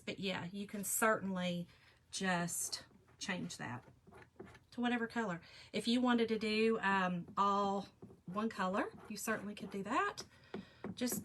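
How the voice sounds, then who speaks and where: Middle-aged woman, craft live host, chatty and rambling, bright voice, quiet hum behind. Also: mid-range voice. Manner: chatty, rambling, laughs often, talks to viewers directly. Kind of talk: casual chat while crafting.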